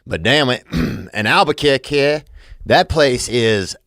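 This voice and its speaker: A man's voice: medium pitch, expressive, slow pace, vocal fry, a bit bright, no room sound, clean studio sound. A man hosting a podcast, rambling through a comedic monologue full of absurd wordplay and meandering asides. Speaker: podcast host.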